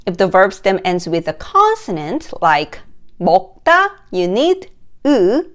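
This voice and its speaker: A woman teaching a grammar lesson, explaining slowly in English and reading example sentences quickly. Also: medium pitch, very animated. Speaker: Korean language teacher.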